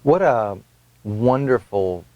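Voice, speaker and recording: A man hosting an interview, enthusiastic and quick with his interjections. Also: mid-range voice, expressive, no echo, lo-fi sound. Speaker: talent manager and interviewer.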